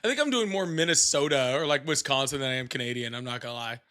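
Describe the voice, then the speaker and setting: A man's voice: mid-range voice, fast talker, pushed and bright, clear, resonant tone. A man hosting a live call-in stream, joking and laughing often, chatting casually with callers. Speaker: livestream host.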